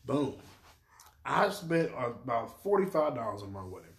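A man's voice: mid-range voice, very animated, measured pace, reverberant. A man, a pastor and podcast co-host, telling a story in casual chat and acting out the voices of people he quotes.

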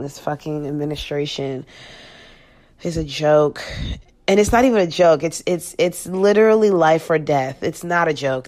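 A woman with a deep, low voice speaks as a podcast guest. She talks frankly and swears freely. Her sentences break off and restart as she searches for words. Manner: blunt and profane, with halting restarts. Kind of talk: candid personal reflection.

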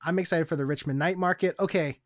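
Woman podcast host from seattle, chatty and giggly, lowish voice, dead dry sound. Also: quick pace, no room sound. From Seattle area. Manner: chatty, laughs often, trails off into fillers. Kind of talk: casual podcast chat.

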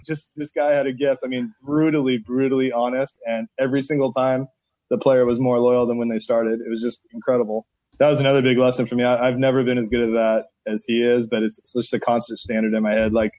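A man's voice: mid-range voice, level tone, quick pace, darkish tone, dry recording. A man who coaches setters for a national team, talking emphatically in a podcast interview with lots of filler words.

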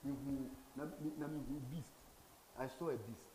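A man's voice: mid-range voice, fairly even intonation, normal speed, dark tone, echoey room, a little hiss or hum, rough recording. A man preaching a sermon as a pastor in a church, emphatic and driving each point home by repeating phrases.

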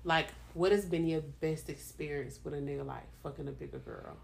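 A woman's voice: low voice, steady tone, a little fast, gravelly, a little hiss or hum. Blunt, profane woman podcast host. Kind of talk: candid casual chat.

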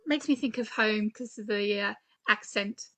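A woman from England hosting an interview podcast, chatty and animated, laughing often. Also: mid-range voice, moderate pace. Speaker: podcast host. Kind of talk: casual interview chat.

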